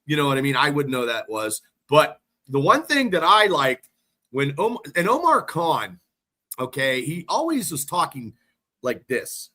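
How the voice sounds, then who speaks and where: A man on a casual sports podcast talks in a rambling, excitable way, peppering his talk with swearing. His voice sits a bit high and rings bright. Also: unhurried. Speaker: podcast co-host.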